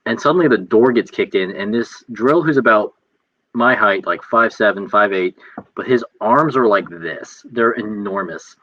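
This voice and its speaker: A man who is a military veteran, telling a story in casual chat and acting out the shouted lines he quotes. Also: fairly low pitch, moderate pace, no echo. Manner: animated, acts out quoted shouts. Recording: dull lo-fi audio.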